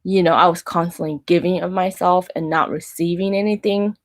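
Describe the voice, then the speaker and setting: A woman's voice: fairly low pitch, fairly even intonation, fairly quick. A woman in her thirties, a Christian minister, telling a personal story in a casual, rambling way, full of "like" and restarts. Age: 30s. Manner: rambling, filler-heavy with frequent "like" and restarts.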